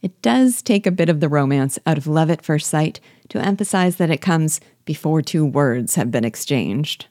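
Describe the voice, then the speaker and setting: Low-voiced woman musing on a novel. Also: animated, normal speed, hardly any pauses, a little mellow, no room sound, clean studio sound. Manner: thoughtful, wry, reads book passages aloud. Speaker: host guiding listeners through a novel. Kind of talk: literary commentary podcast.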